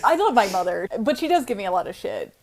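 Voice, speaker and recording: A young woman co-hosting a podcast, telling stories in casual chat, animated, laughing often and swearing freely. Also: medium pitch, quick pace, creaky. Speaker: podcast co-host.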